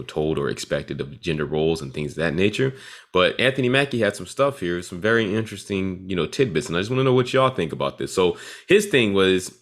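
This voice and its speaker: A man hosting a casual podcast chat, laid back, retelling stories and acting out what people said. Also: deep voice. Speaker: podcast host.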